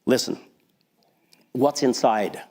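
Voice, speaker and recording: A man preaching a sermon as pastor, talking in a conversational, animated way with frequent restarts. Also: mid-range voice, slow. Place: church sanctuary. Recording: long hall reverb.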